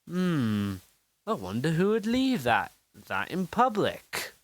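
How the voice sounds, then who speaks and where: A performer voicing a calm, sensible father who talks in halting restarts. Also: sits low, no echo, full character voice. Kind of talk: homemade storybook voice acting.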